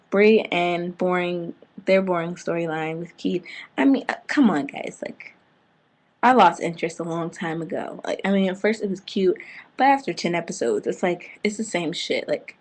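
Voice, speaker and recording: A woman excitedly recapping a TV episode in casual slang, breaking into loud outbursts. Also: lowish voice. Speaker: TV fan reviewer.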